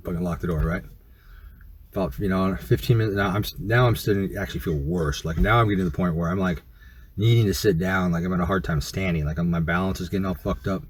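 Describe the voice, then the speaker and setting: A man's voice: deep voice, fast talker, a little hiss or hum. A middle-aged man telling a story casually to camera in a rambling, profane way full of fillers. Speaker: YouTuber.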